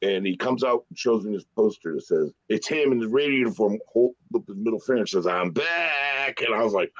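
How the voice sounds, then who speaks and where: A low, husky-voiced man telling a laid-back story on a roundtable, chuckling as he goes. The sound is dull and dry, like remote call audio. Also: animated, a little fast, few pauses, no room sound. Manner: laid-back, laughs while telling stories. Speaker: guest, longtime fan. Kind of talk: casual storytelling.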